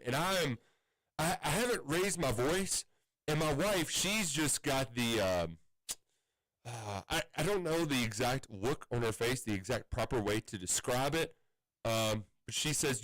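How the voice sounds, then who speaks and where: A man's voice: mid-range voice, normal speed, fairly bright tone, no echo, poor audio. A man in his thirties on sports radio, telling an exasperated story with many restarts and quoted voices. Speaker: radio show co-host.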